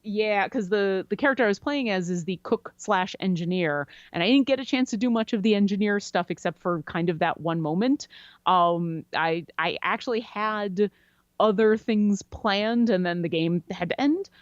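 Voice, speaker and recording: A woman guest on a podcast, chatty and animated as she tells a story about a game. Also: medium pitch, normal speed, dry recording. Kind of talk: casual storytelling interview. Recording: dry, slightly dull lo-fi sound.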